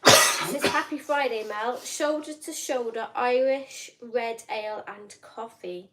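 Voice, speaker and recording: A woman's voice: fairly high pitch, measured pace, heavy background noise. A woman co-hosting a casual live stream from England, easygoing, reading out viewers' messages.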